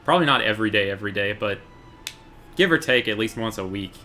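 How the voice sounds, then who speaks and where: A man in his twenties chatting casually while streaming a game, relaxed and talkative with quick bursts of excitement. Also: fairly low pitch, soft background music. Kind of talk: casual gaming stream chat.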